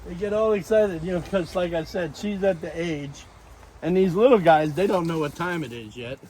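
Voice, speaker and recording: Outdoors in a backyard, a man with a high-pitched, darkish voice vlogs at a moderate pace. The low-quality recording picks up outdoor noise as he rambles about his plans and chats to his animals.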